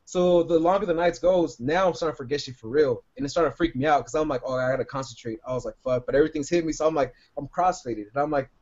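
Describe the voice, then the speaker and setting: A man spins a long, meandering story for his podcast co-hosts, cursing freely and tossing in "like" and "right?" at every turn. His voice sits a bit high for a man. The recording sounds dull and lo-fi. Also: quick pace, few pauses, darkish tone. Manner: rambling, profane, lots of "like" and "right?". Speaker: podcast co-host. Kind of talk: casual storytelling.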